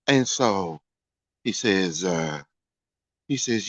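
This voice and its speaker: A man's voice: medium pitch, sing-song, unhurried, dry recording. A man telling a story in a casual way, often repeating lines for effect. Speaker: storyteller host. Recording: dry, dull lo-fi sound.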